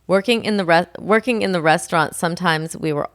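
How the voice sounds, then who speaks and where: A female podcast co-host reads listener emails and teases her partner with dry skepticism. Her voice sits on the lower side for a woman. It is recorded close on a dry, dead-sounding mic. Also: fairly quick, no room sound. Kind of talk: casual comedic chat.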